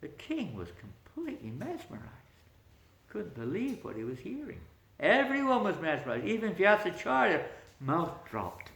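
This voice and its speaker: A man, a spiritual teacher, telling a story in an animated lecture, often chuckling. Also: high-pitched, normal speed, vocal fry. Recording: echoey room.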